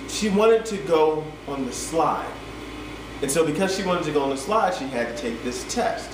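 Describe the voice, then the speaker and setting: A man, a fitness coach, telling a story and turning it into a motivational talk, often repeating himself as he builds to urgent appeals. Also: mid-range voice. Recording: echoey room, voice from a distance, background hum.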